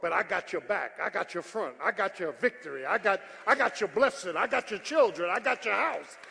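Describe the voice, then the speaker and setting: A male preacher voicing God as a gentle, loving fatherly voice, softly reassuring. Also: sits high, animated, a little fast, gravelly, full character voice. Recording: church hall reverb with faint congregation.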